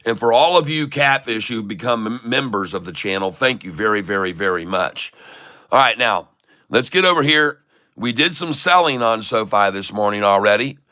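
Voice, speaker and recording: A man's voice: on the low side, sharp tone. A man chatting to viewers on a live stream, calling out stock prices in runs and calling them folks. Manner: reads out price numbers in runs. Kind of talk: live-stream trading commentary.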